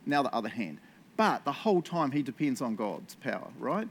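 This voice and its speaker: A man's voice: medium pitch, sing-song, normal speed, slight background noise. A male pastor giving a casual, conversational sermon and prayer, self-deprecating and often ending lines with "eh?" or "right?". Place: church.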